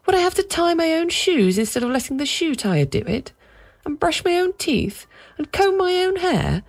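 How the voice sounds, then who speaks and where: A woman voicing a spoiled, cold young boy in a storybook reading, with a high, whiny childish voice. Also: sing-song, moderate pace, heavily acted. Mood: sulky.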